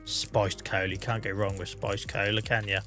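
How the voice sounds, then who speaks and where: Chatty English streamer with a cold. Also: male voice, fairly low pitch, little pitch movement, normal speed, pushed and bright, soft background music. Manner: chatty, rambling, self-mocking. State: under the weather, coughing. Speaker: livestreamer. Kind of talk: casual gameplay commentary.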